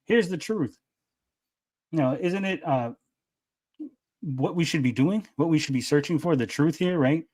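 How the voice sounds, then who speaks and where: A man's voice: on the high side, normal speed, a little mellow. A man arguing heatedly and insistently, often interrupting and repeating himself. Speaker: debater. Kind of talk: heated argument.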